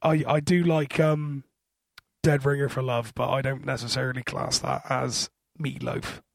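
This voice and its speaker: A man with a husky voice, co-hosting a podcast in a hesitant, wry, rambling chat. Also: mid-range voice, flat delivery, measured pace, no room sound, studio quality. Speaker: podcast co-host. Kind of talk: casual chat.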